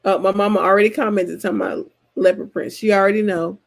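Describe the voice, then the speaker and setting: Southern woman vlogger, mid-pitched with some vocal fry, animated and colloquial, chatting casually to camera. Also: fast talker. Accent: Southern American. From Georgia, US. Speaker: vlogger host answering subscriber comments. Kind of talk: casual chat.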